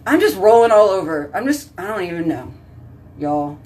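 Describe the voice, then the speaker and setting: A woman's voice: mid-range voice, very animated, moderate pace, darkish tone, recorded from a distance, a little hiss or hum. A woman hosting a casual live stream, chatting with viewers by name and rambling from topic to topic. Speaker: host reading live chat.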